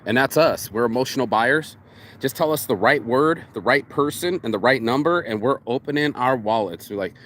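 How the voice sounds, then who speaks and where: A man's voice: medium pitch, expressive, moderate pace, a bit bright, a little hiss or hum. A man vlogging outdoors in a rambling, profane casual monologue, calling the listener "bro". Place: outdoors in public.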